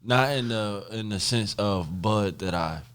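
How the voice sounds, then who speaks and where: Slow-talking, low-voiced man, high. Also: a bit bright, clear, resonant tone. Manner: slow, slangy, trailing off and searching for words. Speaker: co-host. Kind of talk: casual chat.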